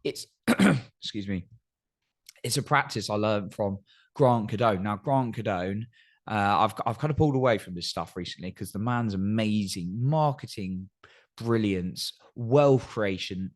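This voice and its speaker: A man's voice: lowish voice, measured pace. A man hosting a solo podcast, giving earnest coaching advice and often checking in with "right?". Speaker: podcast host. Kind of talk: solo motivational podcast talk.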